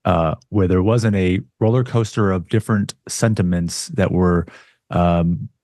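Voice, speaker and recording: A man's voice: low-pitched, fairly even intonation, a little slow, darkish tone, no echo, studio quality. A man from Las Vegas, a guest on a podcast, talking earnestly with frequent restarts. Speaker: guest, sales expert. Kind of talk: casual interview chat.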